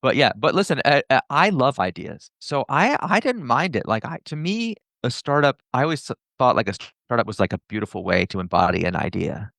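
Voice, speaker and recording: This man talks quickly, and his low voice has a gravelly edge. He is a guest in a casual interview, telling animated stories and voicing the people he quotes. The sound is dry and close. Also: dry recording. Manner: fast, animated storyteller who acts out quoted dialogue. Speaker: entrepreneur and author, podcast guest.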